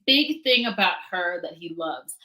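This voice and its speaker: A woman chatting casually on a livestream, animated and quick to laugh, often trailing off and restarting. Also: lowish voice, poor audio. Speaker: book blogger and guest co-host.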